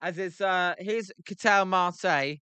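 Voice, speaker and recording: A young British man with a British accent calling a baseball game on a livestream, reading chat aloud between pitches with lots of filler words. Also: slow pace, sharp tone, clear, resonant tone, dry recording. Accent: British English. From Britain. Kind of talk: casual play-by-play livestream commentary.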